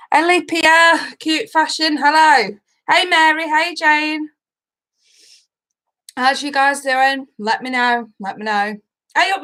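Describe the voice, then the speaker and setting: Chatty woman, slow and high. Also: pushed and bright, low-quality recording. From United Kingdom. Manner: chatty, swears freely, greets viewers by name. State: emotional, laughing through it. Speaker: tarot reader hosting a live stream. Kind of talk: casual live-stream chat.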